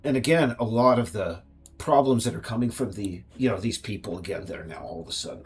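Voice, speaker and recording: A man's voice: on the low side, expressive, quick pace. An American man, a game developer, rambling and ranting on a casual livestream, with frequent restarts.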